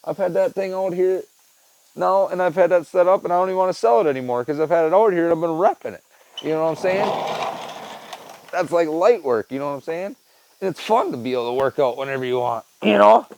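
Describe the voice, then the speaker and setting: A young man talks into his handheld phone while vlogging in a rural backyard, easygoing and rambling, with lots of fillers. His fairly high, darkish voice moves fairly quickly and carries vocal fry. Slight background noise is audible.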